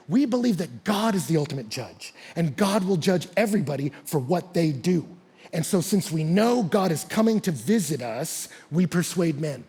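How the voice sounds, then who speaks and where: Husky-voiced pastor preaching animatedly. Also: male voice, high-pitched, normal speed. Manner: animated storytelling, acting out quotes. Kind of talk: sermon.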